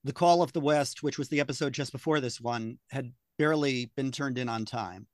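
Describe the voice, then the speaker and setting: A man's voice: mid-range voice, a little fast, no room sound, clean studio sound. A man in casual podcast chat, explaining background details with occasional fillers.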